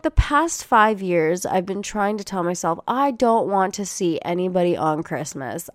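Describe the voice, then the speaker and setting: A woman's voice: mid-range voice, no room sound. A young adult woman hosting her own podcast, chatting casually to listeners and swearing freely as she rants. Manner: profane, ranting, talks straight to listeners. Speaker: podcast host. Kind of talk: casual solo podcast chat.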